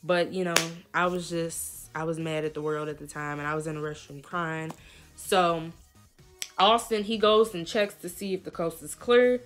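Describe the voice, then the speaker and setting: A young woman vlogger telling a lively storytime in casual slang, acting out what people said. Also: fairly low pitch, moderate pace, soft background music. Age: young adult. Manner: animated, slangy storytelling with quoted voices. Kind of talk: storytime vlog.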